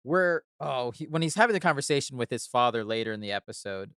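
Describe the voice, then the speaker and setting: A man's voice: medium pitch, animated, fast talker, a bit bright, clean tone, no echo, clean studio sound. A man co-hosting a podcast in casual chat, enthusiastic, laughing often and swearing casually. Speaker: podcast co-host.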